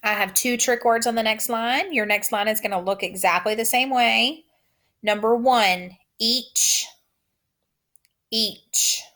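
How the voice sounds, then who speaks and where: A woman teacher giving a recorded phonics lesson, saying each word twice in slow, drawn-out dictation. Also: a little high, steady tone, a bit bright.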